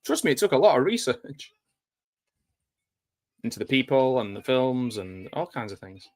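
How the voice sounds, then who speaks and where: Over a film, a man keeps up a wry, chatty live commentary, cracking dry jokes and using lots of fillers. He speaks at normal speed in a sing-song, medium-pitched voice with no echo.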